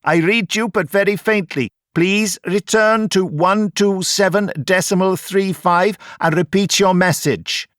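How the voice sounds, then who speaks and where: A man's voice: sits high, unhurried, few pauses, fairly bright tone, no echo, clean studio sound, voice pushed up. A man voicing a stubborn, sleepy station technician. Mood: insistent. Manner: insistent, dogged.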